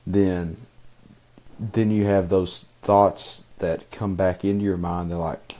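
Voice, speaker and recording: A man's voice: low-pitched, level tone, slow pace, dark tone. A young man co-hosting a podcast, talking casually in a rambling way with many fillers and restarts. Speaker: podcast co-host. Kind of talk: casual chat.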